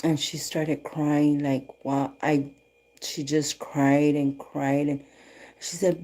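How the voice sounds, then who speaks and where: Low-voiced woman telling a story live. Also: slow pace. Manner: animated retelling, voicing both sides of dialogue; mixes in Spanish phrases. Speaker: livestream host. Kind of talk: casual storytelling livestream.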